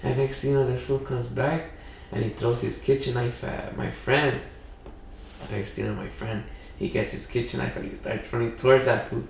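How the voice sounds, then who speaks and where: Normal speed, fairly even intonation, and a creaky mid-range voice describe this young man. Guesting on a podcast, the Pacoima, Los Angeles native tells a casual story that wanders, full of "you know" and "like." A little hiss or hum, room echo, and a distant mic are audible.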